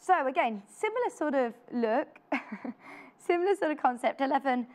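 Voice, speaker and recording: A woman's voice: high-pitched, animated, moderate pace, darkish tone. A woman presenting a live TV shopping demonstration in a studio, chatty and upbeat, often putting questions to the viewer.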